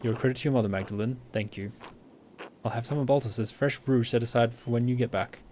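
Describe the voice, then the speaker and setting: A man's voice: mid-range voice, steady tone, fast talker, a little mellow, a little hiss or hum, natural voice. A man reading a caring middle-aged father from a video game, fond and fussing, close to his own voice.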